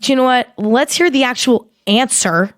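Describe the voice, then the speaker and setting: A young woman hosting a casual solo podcast, rambling and swearing as she talks in an animated, exaggerated way into a close mic. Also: sits high, moderate pace, dry recording. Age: young adult. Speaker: podcast host.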